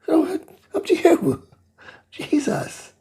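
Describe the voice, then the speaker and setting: With huge pitch swings and an extremely slow delivery, a middle-aged man from Wales reads comments aloud on his casual live chat and rants back bluntly, swearing as he goes. His voice is very high and warm, yet gravelly and very husky.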